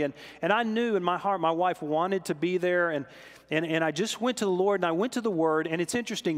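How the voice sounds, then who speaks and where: A man preaching from the pulpit in a church sanctuary, his voice sitting fairly high. He tells stories animatedly, climbing for emphasis and dropping soft for solemn moments. A long hall reverb trails behind his words. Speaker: pastor. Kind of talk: sermon storytelling.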